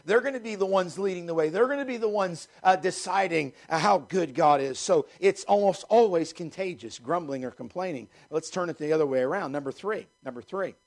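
A middle-aged male pastor preaching a sermon emphatically, throwing rhetorical questions at his congregation. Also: a little high.

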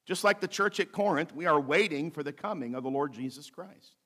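Man preaching with gentle humor. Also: on the high side. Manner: preaching with light humor, slows to read scripture aloud. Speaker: pastor. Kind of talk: sermon.

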